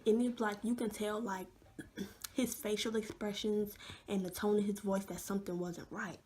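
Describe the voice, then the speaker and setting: A young woman vlogger telling an animated story with many fillers, often dropping to a hush. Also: mid-range voice, moderate pace. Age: young adult. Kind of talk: storytime vlog.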